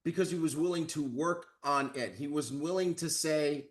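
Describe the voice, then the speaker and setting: Upbeat guy coaching a crowd on sales calls, kinda high voice. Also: moderate pace, few pauses. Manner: energetic, coaching, acts out phone calls. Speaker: network marketing trainer. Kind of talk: motivational talk.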